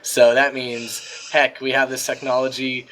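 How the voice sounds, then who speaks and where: An excitable man hosts a casual gaming roundtable. His voice sits at an ordinary middle pitch, and he pitches ideas with eager energy. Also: a little slow, a little hiss or hum, poor audio. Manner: enthusiastic, excitable.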